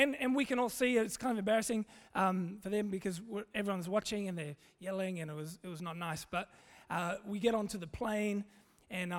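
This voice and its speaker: A man preaching a sermon, telling a funny story in a relaxed, conversational way. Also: sits high. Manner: conversational, humorous, animated storytelling. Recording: long hall reverb.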